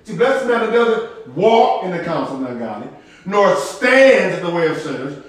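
A man's voice: high voice, very animated, normal speed, recorded from a distance. A man preaching a sermon in an emphatic, repetitive, folksy manner. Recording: roomy echo.

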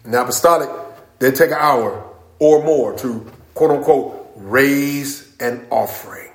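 A middle-aged man preaching a sermon as pastor, emphatic and calling out amens, rising at times to shouts. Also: medium pitch, a little slow. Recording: echoey room.

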